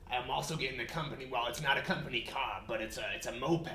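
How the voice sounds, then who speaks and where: A man's voice: medium pitch, fast, sharp tone. A man voicing a cheesy, proud sitcom husband in a tabletop game. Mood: hammy. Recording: roomy with faint noise.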